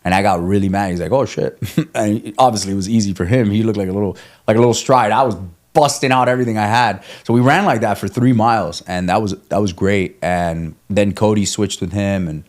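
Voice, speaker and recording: Man, casual storyteller, low voice, swears freely, loose podcast chat. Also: fairly even intonation, brisk. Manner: storytelling, swears freely, laughs while telling. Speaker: guest, ultramarathon runner.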